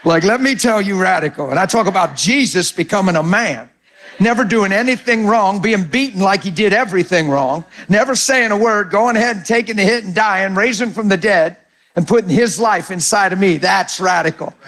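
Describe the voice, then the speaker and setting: High-voiced earnest male preacher. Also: fairly quick. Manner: earnest, animated storytelling. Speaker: pastor. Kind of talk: sermon teaching on prayer.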